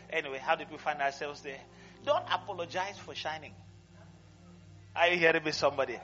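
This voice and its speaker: A male pastor preaching a sermon, swinging between loud exclamations and quiet conversational asides, laughing often. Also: on the high side, moderate pace, long pauses, muffled recording. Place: church service.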